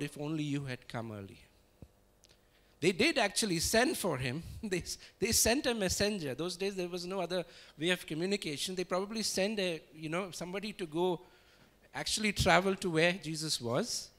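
A man giving a relaxed, conversational sermon, his voice a touch higher than most men's. He chuckles now and then and pauses to find his words. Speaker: preacher.

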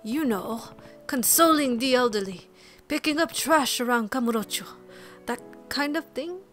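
A woman records gaming commentary, voicing the characters' lines herself and then dropping into quiet asides between them. Her voice sits a little high, and soft game music plays underneath. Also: normal speed. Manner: reads game text aloud with playful asides and mutters. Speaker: let's play streamer. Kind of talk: gaming commentary and reading game dialogue aloud.

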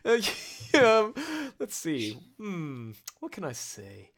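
A man hosting a casual livestream chat with voice actors, excitable and rambling, laughing often. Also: a little high, slow, gravelly. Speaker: livestream host.

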